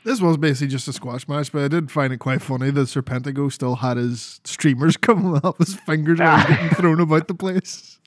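A man's voice: on the high side, fairly quick, hardly any pauses, no echo, studio quality. A Scottish man co-hosting a podcast, rambling casually with fillers and the odd swear. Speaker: podcast co-host. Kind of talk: casual chat.

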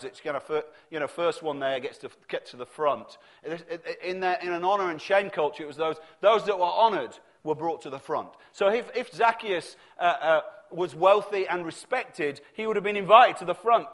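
A man's voice: fairly high pitch, lively intonation, a little slow, a bit bright. A man preaching a sermon in a conversational storytelling manner, acting out the voices he quotes.

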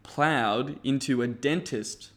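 An Australian man co-hosting a podcast, cracking jokes in quick, casual chat. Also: medium pitch. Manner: quick, joking delivery. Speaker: podcast co-host. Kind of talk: casual chat, comic bits.

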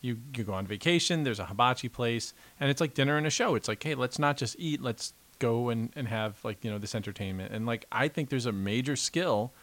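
A man's voice: medium pitch, animated, fast talker, hardly any pauses, a bit bright. A man co-hosting a podcast, teasing his co-host playfully and laughing often. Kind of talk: casual chat.

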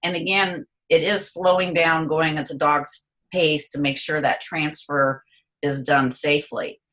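A woman with a low-pitched yet bright, forward voice talks through animal behavior on a call. She explains patiently and now and then slips into a dog's point of view. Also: little pitch movement, unhurried. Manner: explanatory, acts out a dog's thoughts in quotes. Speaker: pet behavior expert guest. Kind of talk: conversational interview. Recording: voice on a call line.

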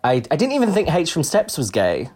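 A man's voice: a little high, huge pitch swings, brisk, darkish tone, breathy edge. A man co-hosting a podcast, chatting and gossiping cheekily while recapping a TV show. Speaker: podcast co-host. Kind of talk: casual chat recapping a TV show.

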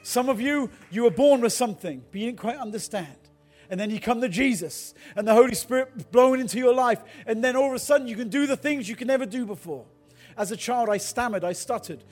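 Middle-aged guy preaching, pretty high voice, goes from story mode to fired-up calls to repent, soft music under it. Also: fairly quick. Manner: storytelling, then builds to fervent exhortation. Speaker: pastor. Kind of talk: sermon.

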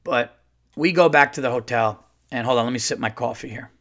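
A middle-aged man, a stand-up comedian hosting his own podcast, tells a loose, animated story full of fillers. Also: mid-range voice, a little fast. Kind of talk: casual solo podcast storytelling.

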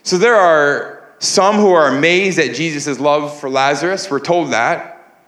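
A man's voice: fairly high pitch, measured pace, a bit bright, roomy sound. A man preaching a sermon as pastor, earnest, repeating words as he builds emphasis. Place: church sanctuary.

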